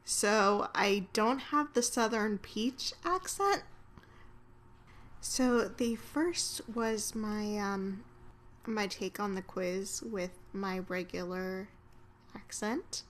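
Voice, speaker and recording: Woman from Georgia, amateur audio creator, unhurried word-by-word reading for an accent challenge. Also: mid-range voice, a little hiss or hum. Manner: slow, deliberate word-by-word reading.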